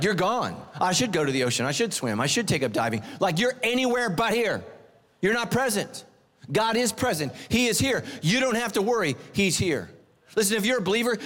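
A middle-aged male pastor delivers a lively, joking sermon with a fairly high voice. He swings his pitch up and down for emphasis. His voice rings with a long reverb through a large church hall. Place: church sanctuary.

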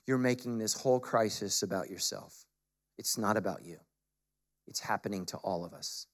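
A male pastor preaching a sermon, moving from casual storytelling to forceful, emphatic exhortation. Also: mid-range voice, brisk.

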